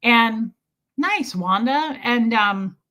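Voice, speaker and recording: Bright chatty woman livestreamer. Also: on the high side, animated, drawn-out words. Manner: rambling storyteller, breaks off to greet chat viewers. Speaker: content creator hosting a livestream. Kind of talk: casual livestream chat.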